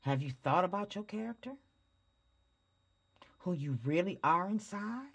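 A woman's voice: on the low side, expressive, unhurried, vocal fry, breathy edge. A woman hosting a spiritual podcast, talking casually and preachily into a microphone, asking rhetorical questions and chuckling often. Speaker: podcast host. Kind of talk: spiritual motivational talk. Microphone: studio microphone.

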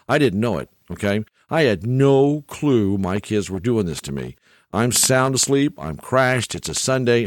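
A man's voice: medium pitch, dry recording, studio quality. A middle-aged man telling a rambling, folksy story in casual monologue, often tagging lines with "okay?".

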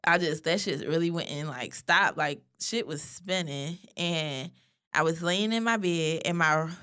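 A woman telling a story in casual chat, animated and freely profane. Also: low-pitched, measured pace, clean tone.

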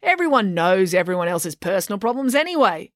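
A woman's voice: medium pitch, sing-song, a little fast, dry recording, clean studio sound, lightly acted. A woman voicing a blunt, matter-of-fact small-town constable.

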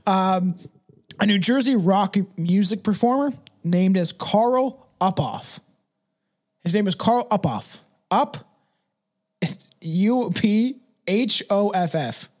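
A man in his thirties co-hosting a podcast in casual, rambling chat, laughing and swearing as he tells stories. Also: slow. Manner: rambling, laughing, swearing, lively pitch swings. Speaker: podcast co-host.

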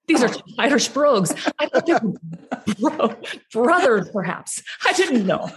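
A woman's voice: fairly high pitch, expressive, normal speed. Bubbly woman podcast host. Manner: bubbly, laughs often, rambling asides. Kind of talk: chatty podcast interview.

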